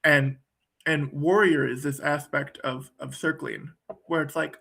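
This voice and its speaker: Man with a gravelly, bright voice. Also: on the high side, steady tone, a little slow. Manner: thoughtful, searching for words, repeats words. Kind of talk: reflective conversational talk.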